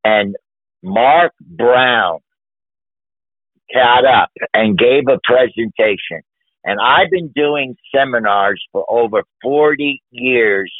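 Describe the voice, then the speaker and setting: A man's voice: medium pitch, slow pace, dry recording. A man hosting a podcast interview, talking effusively and with emphasis, full of praise for the people he mentions. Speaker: podcast host. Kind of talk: conversational interview. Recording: dry, phone-like narrow band.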